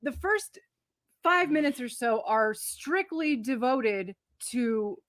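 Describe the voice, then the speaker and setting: A woman co-hosting a casual movie review, talking in an animated, emphatic and profane way, acting out scenes as she retells them. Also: a little high, slow, no room sound, studio quality. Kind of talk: casual spoiler-filled movie review chat.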